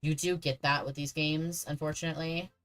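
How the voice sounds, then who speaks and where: A man's voice: fairly high pitch, little pitch movement, brisk, a bit bright, faint music behind, low-quality recording. A man streaming a horror game, chatting casually and joking with the characters on screen. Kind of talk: casual gameplay commentary.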